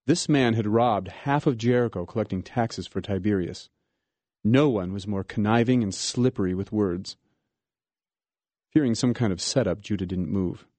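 A man's voice: fairly low pitch, mellow, dry recording. A man, a guest author with a theatrical voice, narrating a dramatic reading.

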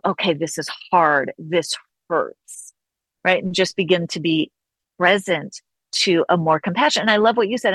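A woman speaks as an interview guest in a fairly low voice, earnest and reflective. She draws out her key phrases slowly for emphasis. The sound is dry and close, with no room echo. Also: fairly bright tone. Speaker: guest author and counselor. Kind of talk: conversational interview.

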